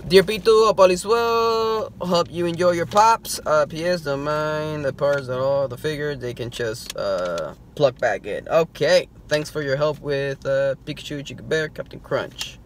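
A man, chatting casually as a collector vlogger, mumbling then bursting into loud exclamations. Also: fairly high pitch, measured pace, few pauses. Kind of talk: casual chat. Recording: noisy background.

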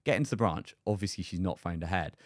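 A man, a podcast guest, telling a story in a lively, anecdotal way. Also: sits low, fast, dry recording, studio quality. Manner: lively anecdotal, acts out other people's lines. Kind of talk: casual storytelling.

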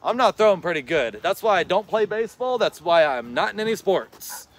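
While vlogging in a yard, a man throws for his dog, calling to it with excited encouragement and offering viewers casual, meandering advice. His high-pitched voice moves a little fast, with a little hiss or hum in the recording.

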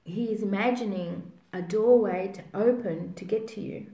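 A woman's voice: mid-range voice, moderate pace, warm tone. A woman psychic giving a spiritual reading in a rambling way, full of fillers. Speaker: psychic reader. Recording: roomy echo.

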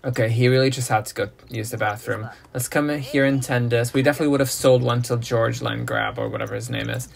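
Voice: medium pitch, steady tone, quick pace, creaky, hardly any pauses. A let's play host giving casual gameplay commentary, chatty and thinking aloud while teasing the game characters.

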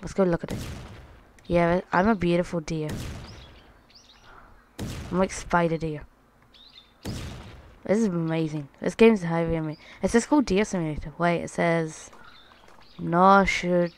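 Woman host doing let's play commentary, playful and excitable, lowish voice, game noise and clicks behind. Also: moderate pace, pauses often. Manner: playful, excitable, talks to viewers as lads and guys. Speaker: gaming channel host.

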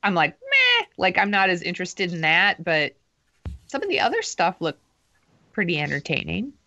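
A woman's voice: lowish voice, lively intonation, normal speed, creaky, bright, forceful tone, dry recording, muffled recording. A woman co-hosting a casual podcast chat, blunt and teasing in her opinions. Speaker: podcast co-host.

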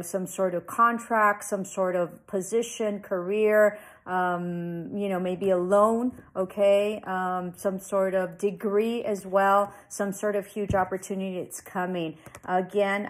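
A woman giving a tarot reading to her viewers, speaking in a relaxed, rambling way. She reassures them and keeps checking in with little tag questions. Her voice sits at a middle pitch for a woman. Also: poor audio. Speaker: tarot reader. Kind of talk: casual tarot reading to camera.

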